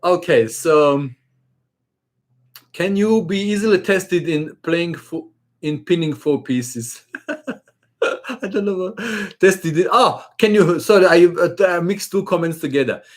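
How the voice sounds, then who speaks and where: A man's voice: high voice, animated, takes it slowly, long pauses. A man who is not a native English speaker hosts a chess live stream, reading viewer comments aloud with many fillers and small chuckles. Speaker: chess channel host.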